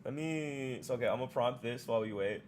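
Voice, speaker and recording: A man streaming live, chatting casually and excitedly, often repeating and restarting his words. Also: mid-range voice, fairly quick, slight background noise.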